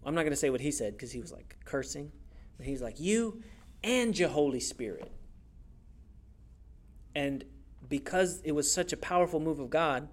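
A young man preaching a sermon in a church, conversational and animated, acting out quotes as he goes. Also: a little high, a little fast. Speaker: youth pastor.

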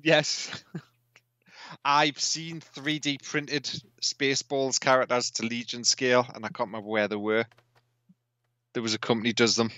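A man's voice: mid-range voice, flat delivery, a little slow, sharp tone, no room sound, dull audio. A man co-hosting a podcast in casual chat, asking questions and often restarting his sentences. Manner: chatty, asks questions, trails off and restarts. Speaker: podcast co-host.

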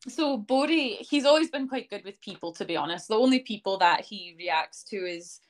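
A young woman with a mid-range voice speaks at a moderate pace, her intonation lively. She's a dog owner being interviewed, chatting casually through her story with lots of "um" and "like," and she acts out what other people said.

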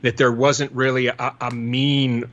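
A man's voice: mid-range voice, flat delivery, unhurried, fairly bright tone. An older man from the Pittsburgh area, rambling through memories in a casual podcast chat. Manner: reminiscing, rambling storyteller. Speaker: guest. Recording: dull lo-fi audio.

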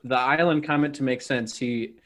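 A thirty-year-old man co-hosting a casual podcast, joking in a relaxed way. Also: medium pitch, moderate pace. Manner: laid-back, joking. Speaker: podcast co-host. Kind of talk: casual chat.

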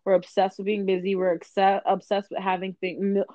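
A woman's voice: medium pitch, monotone, moderate pace, dark tone, no room sound. Candid young woman, dull dry sound. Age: young adult. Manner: candid, profane, acts out conversations. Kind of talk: casual chat.

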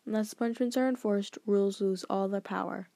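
A woman voicing a stern, formal old grandfather who speaks in a measured, grave, lecturing way, a bit lower and quieter than her narration. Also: steady tone, gravelly, dry recording, natural voice.

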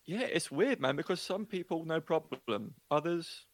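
A man's voice: a little high, normal speed, no echo. Chatty man with an English accent. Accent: English, Luton. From England. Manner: chatty, animated storytelling with quoted voices. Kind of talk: casual chat.

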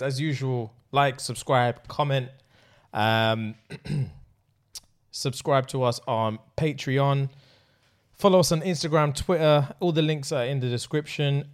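A young man from the UK co-hosting a crude casual podcast chat, laughing often and getting loud when joking. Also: mid-range voice, clean tone. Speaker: podcast co-host.

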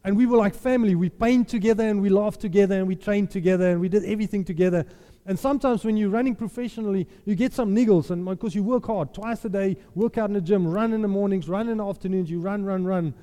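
A man preaching a sermon, telling a lively personal story and acting out the voices in it. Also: sits high, fast. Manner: animated storyteller, laughs often, acts out quotes. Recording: echoey hall reverb.

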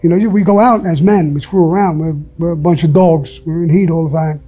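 A man's voice: a little high, fairly even intonation, fairly quick, warm tone, faint music behind. A man who talks bluntly and profanely as an interview guest, telling stories. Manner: profane, blunt storyteller who acts out quotes. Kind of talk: storytelling in casual interview.

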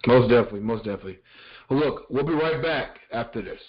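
A man's voice: mid-range voice, fast talker, highs cut off. A man hosting a talk show, giving brief, affirming replies and thanking his guest in casual talk. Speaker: show host.

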